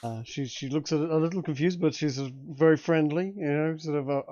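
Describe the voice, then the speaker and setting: A man narrating as game master for a tabletop game, halting with many restarts. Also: on the high side, dark tone, no room sound, dull audio.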